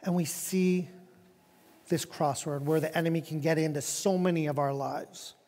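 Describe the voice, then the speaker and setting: A high-voiced male pastor preaches in an animated, conversational way and often doubles back on his words. His voice rings with the long reverb of a church hall. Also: moderate pace. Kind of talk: sermon. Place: church sanctuary.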